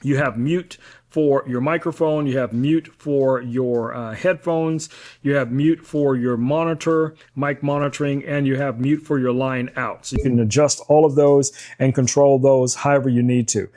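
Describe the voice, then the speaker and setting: Mellow-voiced man demoing tech. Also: medium pitch, normal speed. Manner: relaxed, with frequent "uh" and "um". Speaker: tech reviewer host. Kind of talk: casual product demo. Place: home studio.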